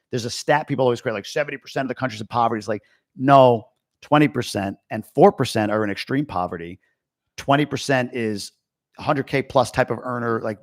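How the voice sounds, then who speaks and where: A man from Long Island, USA, talks through a casual live-stream, reading viewer comments aloud and firing back blunt, opinionated answers. His voice sits at a middling pitch. The recording is dry, with no room sound. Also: no room sound. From Long Island, New York, USA. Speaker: host answering viewer questions.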